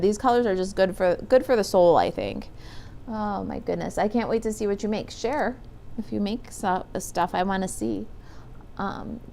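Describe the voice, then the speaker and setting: A woman's voice: medium pitch, gravelly, darkish tone, a little hiss or hum. A middle-aged woman demonstrating paper crafts on a live stream, chatting and reading viewer comments aloud. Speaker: stamping demonstrator.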